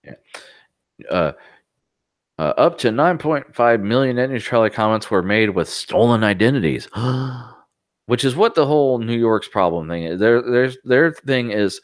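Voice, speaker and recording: A man's voice: medium pitch, animated, measured pace, no echo, clean studio sound. A man co-hosting a casual podcast, reading news articles aloud and adding sarcastic asides. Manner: sarcastic asides between read passages. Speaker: podcast co-host.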